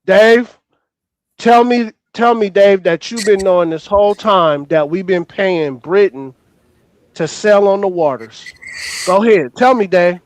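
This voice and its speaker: Fired-up high-voiced man on a panel. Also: unhurried. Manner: fired-up, profane, talks over others. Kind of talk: heated call-in panel debate. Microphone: remote call.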